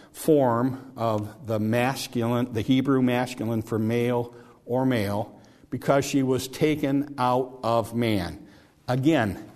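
A man's voice: mid-range voice, darkish tone. A man preaching a sermon in a conversational way, often repeating words and restarting his sentences.

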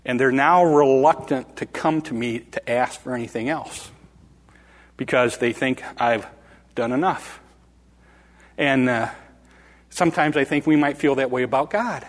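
An older man preaching a sermon, dramatic and animated, acting out voices from the story. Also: mid-range voice, moderate pace, pauses often, long reverb tail. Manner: dramatic, acts out the crowd and beggar in rising calls.

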